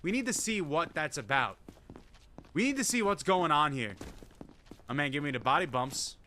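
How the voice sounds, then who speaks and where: A man streaming a video game, commenting casually, yelling and joking at the characters. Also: a little high, normal speed, a little hiss or hum. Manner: loud, excitable, yells and jokes at game characters. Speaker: gaming streamer. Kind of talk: casual let's-play commentary.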